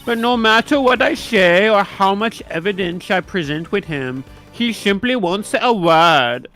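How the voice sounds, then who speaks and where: A man's voice: high voice, expressive, unhurried, fairly bright tone, soft background music. A man voicing a stern, theatrical female prison warden with a put-on German accent and a drawling, purring manner, in an improvised comedic game dub. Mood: menacing, purring. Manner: drawling, purring, calls people darling.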